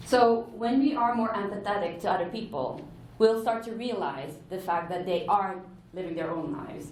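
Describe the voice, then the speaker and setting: Heard from far off in an echoey conference hall, a woman with a lowish, darkish voice delivers an earnest explanatory talk to the room. She occasionally fixes what she's saying mid-sentence. A little hiss or hum sits under the recording.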